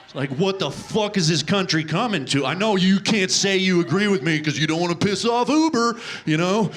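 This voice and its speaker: A comedian doing a crude, ranting conspiracy-minded passenger. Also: male voice, sits high, a bit bright. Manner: profane, buddy-buddy ranting. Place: comedy club stage. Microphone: handheld stage microphone.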